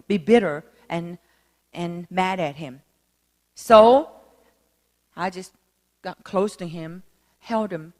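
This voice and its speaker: A woman minister with a Korean accent, telling a story in a sermon, halting with many fillers but animated. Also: medium pitch. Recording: long reverb hall.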